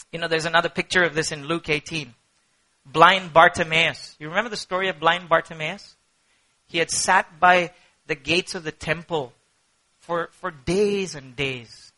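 A male pastor preaching a sermon in a high voice. His tone is bright and ringing, with a piercing edge. He swings from impassioned cries to soft, hushed prayer. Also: poor audio.

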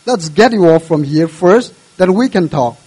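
The calm, patient voice of God gives steady, reassuring instructions, as a male preacher puts him on. The tone is measured and firm, on the high side for a man. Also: husky.

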